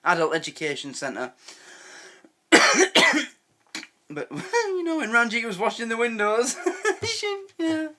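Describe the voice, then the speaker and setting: A man's voice: very high-pitched, huge pitch swings, slow, long pauses, pushed and bright. A man giving casual, chatty reaction commentary on a sitcom, laughing often and restarting his sentences. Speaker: reaction video host.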